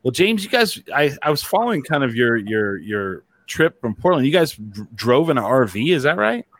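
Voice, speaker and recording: A man hosts a loose, casual chat and rambles through his points, full of "like"s and restarts. His voice swings widely up and down in pitch. The sound is dry and close, with no room around it. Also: very animated, normal speed, dry recording. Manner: rambling, many likes and restarts. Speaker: host.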